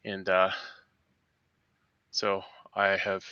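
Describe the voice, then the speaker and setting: A man hosting a morning livestream, swearing through angry, shouting tirades. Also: low-pitched, completely flat delivery, drawn-out words, clean tone, no echo, highs cut off. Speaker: host. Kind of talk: profane morning livestream rant.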